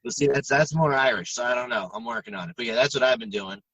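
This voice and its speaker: A podcast co-host in casual chat, talking frankly and swearing freely with halting restarts, audibly stressed and upset. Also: male voice, medium pitch, fairly bright tone, no room sound, distant mic, lo-fi sound.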